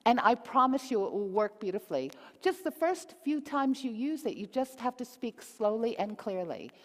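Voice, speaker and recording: A woman's voice: fairly high pitch, big pitch swings, moderate pace. A woman giving a live conference talk, upbeat and often asking the audience questions. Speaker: conference speaker. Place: conference hall. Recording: reverberant hall.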